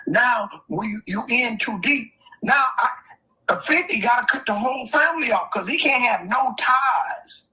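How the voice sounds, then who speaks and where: A man in a casual chat, giving measured, opinionated commentary. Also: extremely high pitch, lively intonation, bright, forceful tone, poor audio.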